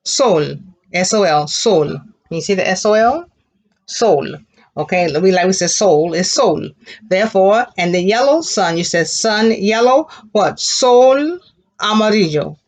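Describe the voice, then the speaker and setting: A woman teaching a children's class, slowly drilling words and praising answers. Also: mid-range voice, lively intonation, darkish tone. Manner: encouraging praise. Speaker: Spanish teacher. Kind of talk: elementary language lesson.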